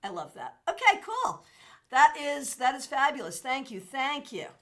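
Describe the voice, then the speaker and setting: A woman hosting a casual livestream, chatting with her viewers and thanking them by name. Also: moderate pace. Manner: animated, with sudden jumps in pitch and loudness. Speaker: tarot reader and livestream host.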